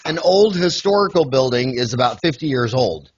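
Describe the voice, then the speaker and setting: A man's voice: medium pitch, animated, moderate pace, husky, muffled recording. A man from the United States hosting an interview in a joking, rambling way with many fillers. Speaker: podcast host. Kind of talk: casual interview.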